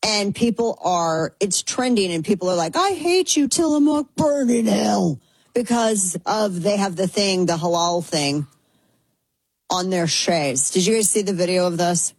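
A woman's voice: fairly low pitch, a little slow, husky, no echo, rough recording. A woman hosting a talk show in a chatty, sarcastic way, often slipping into mocking voices. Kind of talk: casual commentary.

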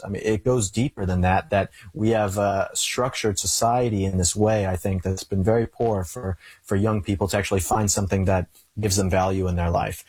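A man's voice: lowish voice, a little mellow, slightly rough, no echo. A young man speaking earnestly as an interview guest, telling stories and making his case in conversation. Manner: earnest, storytelling with acted quotes. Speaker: guest, conservative commentator.

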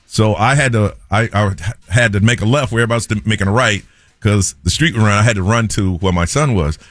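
A man, a morning radio host telling a story in an animated way and acting out the people in it. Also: lowish voice, fast talker, dry recording. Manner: animated storyteller, acts out quoted voices.

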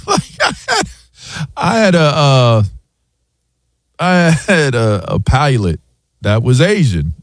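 A man's voice: medium pitch, takes it slowly, long pauses, no echo, studio quality. A man co-hosting a sports radio show, chatting casually and often laughing. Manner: animated storyteller, laughs often, mimics voices. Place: radio studio.

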